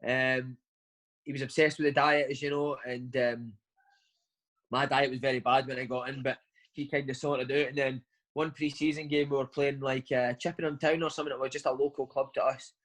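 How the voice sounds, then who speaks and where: A man's voice: mid-range voice, a bit bright, poor audio. A man, a footballer, chatting casually in an interview and telling long anecdotes, forever saying "mate". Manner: chatty storytelling, says "mate" constantly. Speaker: footballer guest.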